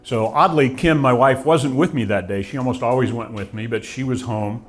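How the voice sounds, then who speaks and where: A man's voice: medium pitch, moderate pace. A man in his forties giving an earnest, reflective personal testimony, with frequent restarts. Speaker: guest telling his story.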